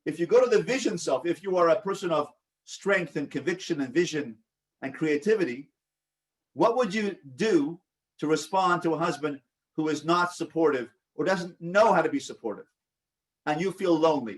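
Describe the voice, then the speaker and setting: Rabbi teaching a group, heard from afar. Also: male voice, fairly high pitch, expressive, moderate pace, far from the mic. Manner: coaching tone, asks the group questions and acts out replies. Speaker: rabbi leading a support group. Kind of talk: teaching a live online group session.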